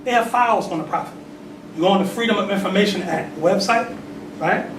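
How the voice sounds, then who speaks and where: Preaching in a temple hall, a man in his forties reads aloud, laughs between points, and puts questions to the congregation in call-and-response style. He speaks fairly quickly in a high voice, recorded from a distance in a noisy, echoey hall.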